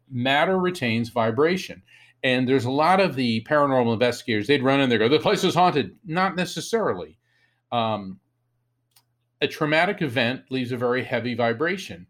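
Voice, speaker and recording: A man, a psychic medium and author, telling an animated story as an interview guest and acting out the lines of the people in it. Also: mid-range voice. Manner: animated storyteller, acts out quotes in raised voice.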